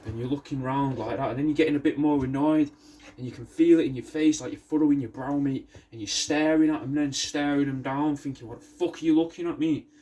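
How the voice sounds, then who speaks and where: A man, rambling through a deadpan sales pitch for his taxidermy art, slangy and swearing, saying "mate" a lot. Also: a little fast. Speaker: taxidermy artist showing his work.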